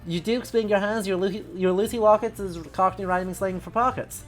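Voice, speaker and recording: A woman's voice: medium pitch, fairly even intonation, fairly quick, hardly any pauses, faint music behind. A woman streaming a game, reading it and adding dry, wry remarks. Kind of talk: live game reading and commentary.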